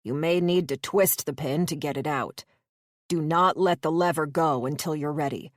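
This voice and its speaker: Woman doing a calm, low-voiced male survivor. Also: normal speed, no room sound, studio quality, natural voice. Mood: instructive. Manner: calm, instructive. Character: steady male survivor with weapons know-how.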